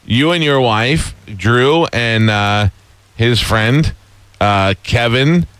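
A man's voice: medium pitch, drawn-out words, fairly bright tone, smooth, no echo. A man hosting a radio show, joking and telling stories in casual banter, with lots of fillers. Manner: joking, storytelling, many fillers. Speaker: radio host.

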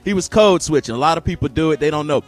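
Brief: male radio host, slightly high voice, animated storyteller, faint music bed. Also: rapid-fire. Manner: animated storyteller, mimics voices, laughs often. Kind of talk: casual radio chat.

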